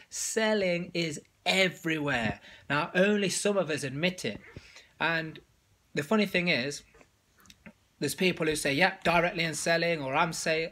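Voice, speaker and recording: A man talking casually on a vlog as a sales coach, telling everyday stories with quoted voices. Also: on the high side. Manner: animated storytelling with quoted voices.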